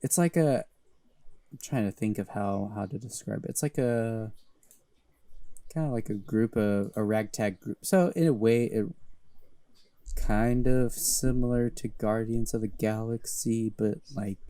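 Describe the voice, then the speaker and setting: Young guy cohosting a podcast, low-ish mellow voice, dry close sound, rambles a lot. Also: measured pace, dry recording. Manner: rambling, heavy use of fillers. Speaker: podcast co-host. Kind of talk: casual chat.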